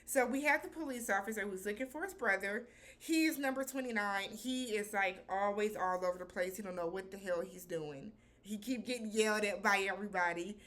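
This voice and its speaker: A woman's voice: medium pitch, fairly quick, a bit bright. A woman recapping a TV episode in a loose, chatty way, with slangy phrasing and lots of filler words. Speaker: TV show reviewer.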